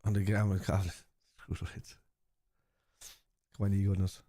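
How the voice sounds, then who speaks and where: Sweary streamer with a low, mellow voice. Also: male voice, flat delivery, normal speed, dry recording, studio quality. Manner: blunt, sweary and combative with viewers. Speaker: football watchalong streamer. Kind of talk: live stream chat reacting to viewers.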